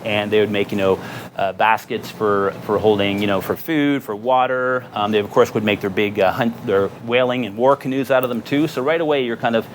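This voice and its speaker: A man giving a relaxed, conversational presentation at a marina event, telling expedition stories with lots of fillers. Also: fairly low pitch, fairly quick, slight background noise. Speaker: guest speaker on an expedition. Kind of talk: storytelling presentation.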